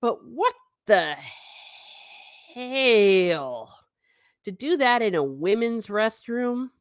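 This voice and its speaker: A woman's voice: a little high, big pitch swings, extremely slow, smooth, no room sound, clean studio sound. A woman vlogger chatting casually with her viewers, giggly and self-mocking. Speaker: travel vlogger reading live chat. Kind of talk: casual live-stream chat.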